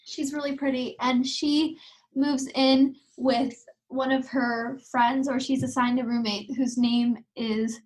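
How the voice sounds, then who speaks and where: A woman's voice: sits high, flat delivery, slow pace, low-quality recording. A teenage girl co-hosting a casual podcast, chatty and playful. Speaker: podcast co-host. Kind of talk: casual chat.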